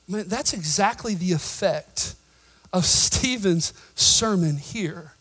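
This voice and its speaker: A man preaching a sermon in a church, swinging between shouted emphasis and quiet asides and joking with the congregation. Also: sits high, lively intonation, slow, low-quality recording. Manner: jokes with the congregation. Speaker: pastor.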